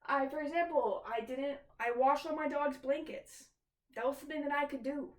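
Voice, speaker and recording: A woman's voice: sits high, normal speed, far from the mic. A woman vlogging casually from her kitchen, talking candidly and swearing freely as she speaks straight to her viewers. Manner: candid, swears often, talks to viewers directly. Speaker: tarot vlogger. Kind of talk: casual confessional vlog. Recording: roomy echo, off-mic.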